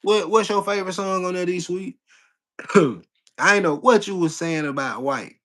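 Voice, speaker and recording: Man, livestream host, slightly high voice, loose slangy chat, repeats himself. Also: moderate pace, sharp tone. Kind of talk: casual live chat with viewers.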